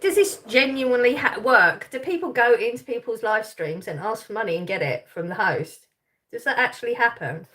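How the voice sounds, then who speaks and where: A woman's voice: a little high, expressive, moderate pace, a bit bright. Teasing woman chatting with her live stream. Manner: chatty, teasing, laughs often. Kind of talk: live chat stream, reading and answering comments.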